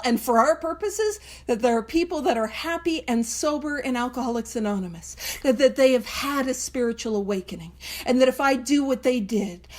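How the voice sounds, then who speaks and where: Woman, high voice, earnest, laughs a lot, casual study talk. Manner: earnest, laughs often, acts out inner voices. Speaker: podcast host leading a Big Book study. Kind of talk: casual recovery study talk, reading and explaining.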